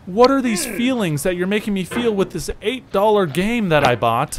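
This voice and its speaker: A man doing let's play commentary, exaggerated and sarcastic, breaking into loud yells. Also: high voice, expressive, moderate pace, hardly any pauses, a little hiss or hum. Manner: exaggerated, sarcastic, bursts into yelling. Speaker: gaming YouTuber.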